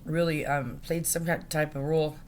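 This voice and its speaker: Woman, low voice, distressed phone-camera rant, halting, swears a lot, faint background noise. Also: level tone. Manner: distressed, halting, profane, with many fillers. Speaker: vlogger. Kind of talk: rambling direct-to-camera rant.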